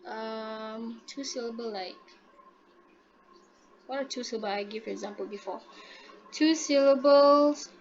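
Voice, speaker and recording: A woman leads a grammar lesson, high in pitch, spelling out rules and checking in with "okay?" after nearly every step. Her voice comes through dull and lo-fi, as if over a muffled online-class connection. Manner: patient, repeats and checks understanding with "okay?". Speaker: English teacher. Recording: dull lo-fi audio.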